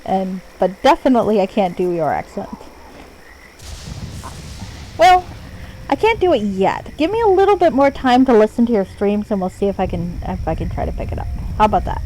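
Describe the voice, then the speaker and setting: A woman's voice: medium pitch, lively intonation, normal speed, pauses often, a little mellow, slight background noise, rough recording. A woman streaming a game from home, casual and self-deprecating, swearing when the game annoys her. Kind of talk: casual live-stream commentary.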